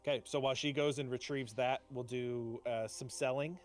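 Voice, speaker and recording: A man running a tabletop game as game master, describing scenes with many ums and pauses. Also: mid-range voice, steady tone, faint music behind. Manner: hesitant, many fillers.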